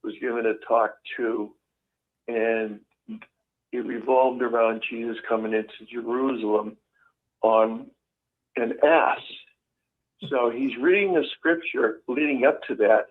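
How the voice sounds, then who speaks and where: A man's voice: medium pitch, fairly even intonation, a little slow, long pauses. A man calling in and telling a funny memory in a plain, easygoing way over a phone line. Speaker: caller. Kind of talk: casual anecdote.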